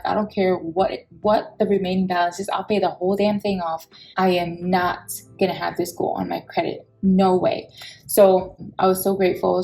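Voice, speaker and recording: Animated woman telling a story. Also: lowish voice, gravelly, poor audio. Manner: expressive storyteller, acts out quoted people, gets heated.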